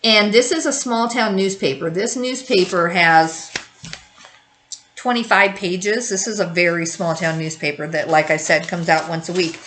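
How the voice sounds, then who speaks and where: A woman's voice: fairly low pitch, moderate pace, fairly bright tone, a little hiss or hum, rough recording. A woman in her fifties hosting a grief-support video, talking candidly to the camera and rambling in circles with frequent restarts. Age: 50s. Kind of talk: candid personal talk to camera.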